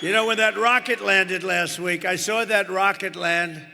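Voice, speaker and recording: A man with a bright, gravelly, slightly high voice addresses a large indoor arena. He rambles and boasts, breaking off for asides to the crowd. The sound carries a long reverb, with a faint crowd murmur behind him. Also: steady tone, moderate pace, very noisy. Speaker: political candidate at a rally. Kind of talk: rally speech. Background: cheering crowd.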